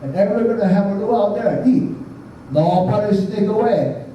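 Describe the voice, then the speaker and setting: An older man voicing a big, burly island man who is friendly but bossy and talks loudly with tag questions. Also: sits high, a little fast, slight background noise, natural voice. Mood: hearty. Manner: loud, commanding, tag questions. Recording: echoey hall, distant, muffled.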